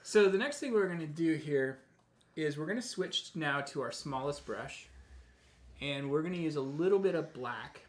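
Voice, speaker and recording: A man teaching a live painting tutorial, relaxed and chatty, often thinking aloud as he works. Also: on the high side, normal speed, echoey room. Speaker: painting instructor.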